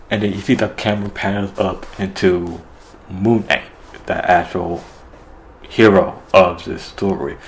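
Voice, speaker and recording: Man, very low voice, casual episode recap, rambling, filler-heavy, faint hiss. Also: gravelly, low-quality recording. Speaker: show reviewer.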